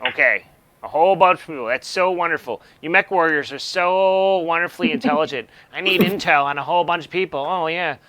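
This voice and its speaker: A man voicing a grumpy, messy male tech who talks with flat, condescending sarcasm. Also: a little high, fairly quick, no echo, close to an everyday voice. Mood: sarcastic.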